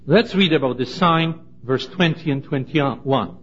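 A man's voice: medium pitch, expressive, slight background noise. Man teaching scripture, dull lo-fi sound. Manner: measured, deliberate reading with emphasis. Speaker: Bible teacher. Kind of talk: Bible study teaching with scripture reading. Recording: dull lo-fi recording.

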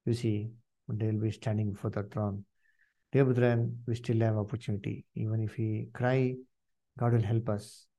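A man preaching a sermon, swinging from hushed pleading to loud emphatic exhortation and asking the congregation questions. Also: lowish voice, little pitch movement, moderate pace, highs cut off. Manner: asks the congregation questions and calls on members to read.

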